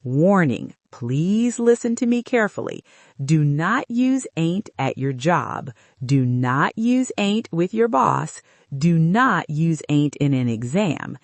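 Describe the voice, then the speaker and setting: A woman hosting a podcast, giving a scripted English lesson in a careful, upbeat way. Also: no room sound. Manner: slow, careful and upbeat, with a very lively pitch. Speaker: English teacher and podcast host.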